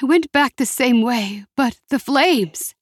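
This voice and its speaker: A woman voicing a frightened older mother caught in a fire, hoarse, coughing and out of breath. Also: high voice, animated, slow, no echo, clean studio sound, voice pushed up, heavily acted. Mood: panicked.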